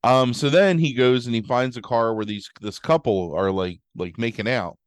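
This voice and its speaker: A man's voice: mid-range voice, normal speed, dry recording, studio quality. A man chatting casually as a podcast co-host, rambling through a movie recap full of "like" and "um" while acting out quotes. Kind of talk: casual chat.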